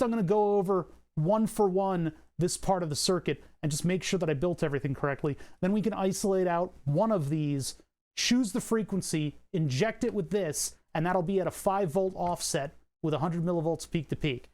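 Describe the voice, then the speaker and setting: A young man's voice, pitched high and slightly mellow, chats casually while streaming from home and tinkering. He rambles, corrects himself, and laughs at his own asides, recorded on a compressed condenser mic in an acoustically padded home room.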